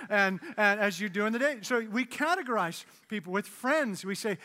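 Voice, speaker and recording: A man preaching a sermon as pastor, conversational and joking, then dropping into low solemn emphasis. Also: brisk, hardly any pauses, pushed and bright, long reverb tail. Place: church hall with audience.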